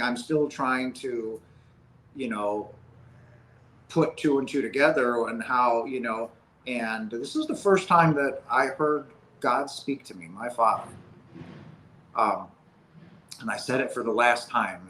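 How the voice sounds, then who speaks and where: A man speaking as an interview guest, telling a personal story in an earnest, halting, emotional way. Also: mid-range voice, fairly bright tone, slight background noise, low-quality recording.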